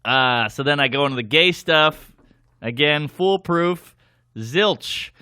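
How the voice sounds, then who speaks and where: A man's voice: a little high, takes it slowly, smooth, no room sound, studio quality. A young adult man, a comedian, telling a story casually on a podcast and acting out the people in it. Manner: animated, acts out voices of people in the story.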